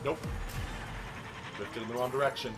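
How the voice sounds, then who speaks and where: A man streaming a racing game, commenting casually, swearing often and breaking into yelps and shouts. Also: mid-range voice, moderate pace, music in the background. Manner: excitable, swears a lot, bursts into yelps and shouts. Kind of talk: live gameplay commentary. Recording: noisy game stream audio.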